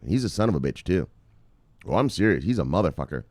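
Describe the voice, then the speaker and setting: Excitable, profane Canadian man ranting. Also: low-pitched, fast, no echo. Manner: excitable, profane, repeats himself, addresses viewers as brothers. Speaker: crypto news vlogger. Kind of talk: animated profane crypto commentary.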